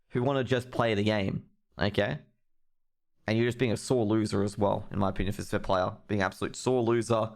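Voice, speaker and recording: A young man hosting a live stream, ranting with heavy profanity about esports news. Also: mid-range voice. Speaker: streamer host.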